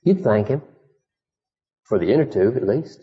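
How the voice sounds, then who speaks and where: Impassioned preacher in a reverberant hall. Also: male voice, big pitch swings, normal speed, slightly rough. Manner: impassioned, rising to high emphatic peaks and dropping to hushed storytelling. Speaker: pastor. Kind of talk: sermon. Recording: dull archival sermon recording in a reverberant hall.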